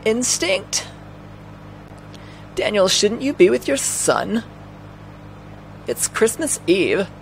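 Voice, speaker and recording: A man reading a young female cop's lines in a raised, softened voice while streaming a video game. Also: high voice, very animated, slow pace, vocal fry, pauses often, a little hiss or hum, voice pushed up, heavily acted, low-quality recording. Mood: concerned. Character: young female cop, composed, reserved.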